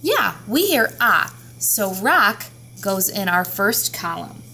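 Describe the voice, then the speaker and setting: A woman's voice: medium pitch, big pitch swings, gravelly, bright, forceful tone, slight background noise. A woman teaching a children's phonics lesson, patiently sounding out each letter and word. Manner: slow, patient, sounding out words.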